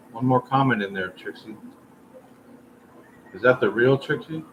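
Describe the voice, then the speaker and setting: A man's voice: mid-range voice, unhurried, long pauses, highs cut off. A man hosting a casual livestream, talking in a rambling, chatty way straight to his viewers. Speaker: livestream host. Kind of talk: casual chat. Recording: noisy room ambience.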